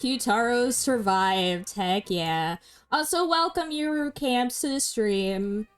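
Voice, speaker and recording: Unhurried, smooth-voiced woman streamer. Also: on the high side, lively intonation, faint music behind. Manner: agreeable, giggly, thinks aloud. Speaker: streamer playing a game. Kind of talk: casual let's-play chat.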